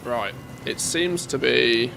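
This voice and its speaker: A male game streamer talks casually to his viewers while playing, thinking aloud as he works things out. His mid-range voice has a gravelly, fry-tinged texture. A faint hiss sits underneath. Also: mid-range voice, expressive, takes it slowly.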